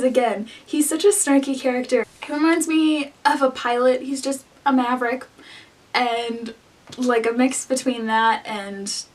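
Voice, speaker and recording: A woman's voice: sits high, distant mic. A young woman, a book vlogger, chatting casually to the camera in a gushing, rambling way full of "like" fillers.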